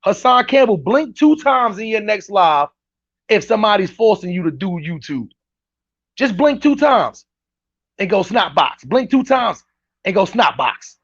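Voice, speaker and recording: A man's voice: sits high, sing-song, measured pace, slightly rough, dry recording. A man giving casual, slangy reaction commentary, ranting emphatically as a vlog host. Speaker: commentary vlogger. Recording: dull dry lo-fi recording.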